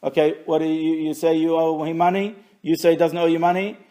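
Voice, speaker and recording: A man's voice: fairly high pitch, little pitch movement, a little fast, mellow, lo-fi sound. A man teaching a Torah lesson, reading Hebrew phrases and translating and explaining them with wry asides.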